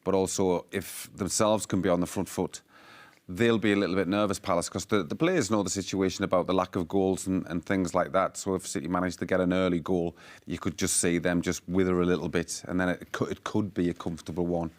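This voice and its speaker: A man giving football analysis in casual chat, measured and rambling, with frequent restarts. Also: sits low, level tone. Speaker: football pundit.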